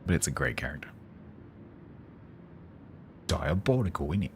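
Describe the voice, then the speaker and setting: London-accented male streamer, extremely low voice, rambling chat with sarcastic outbursts at the game. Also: normal speed, a little hiss or hum. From London, England. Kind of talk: casual live gaming stream chat.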